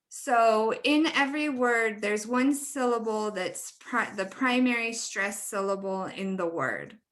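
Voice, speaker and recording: A woman's voice: on the high side, a bit bright. A woman presenting a webinar training for teachers, friendly and laughing often as she demonstrates word stress.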